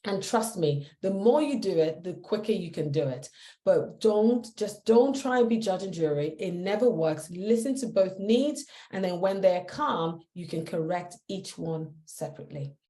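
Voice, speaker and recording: Woman, calm, instructive, parenting advice, low mellow voice, roomy echo. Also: moderate pace. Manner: calm, instructive, acts out what a parent says. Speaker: parenting speaker. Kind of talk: advice talk.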